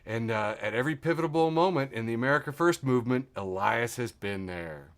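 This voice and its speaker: Bright-voiced sardonic podcast host. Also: male voice, medium pitch, lively intonation, brisk. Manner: rambling, sardonic, swears freely, chuckles often. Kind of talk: casual news-and-memes chat. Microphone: video call.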